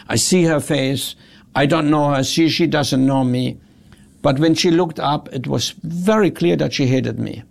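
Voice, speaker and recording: A man telling a story about customer service in an animated way. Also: fairly high pitch, creaky. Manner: animated, acts out quotes. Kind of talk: storytelling talk.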